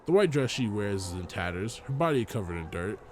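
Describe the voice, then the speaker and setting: A man's voice: lowish voice, very animated, brisk, background noise. A young man hosting a gaming video, reading a visual novel aloud in a casual way, swearing and joking as he goes.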